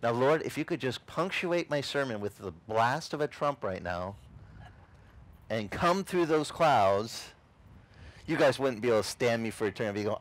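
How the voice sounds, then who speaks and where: Animated storytelling male pastor. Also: moderate pace, rough recording. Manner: animated storytelling, acts out quotes in high excited voices. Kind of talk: sermon. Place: outdoor beach service.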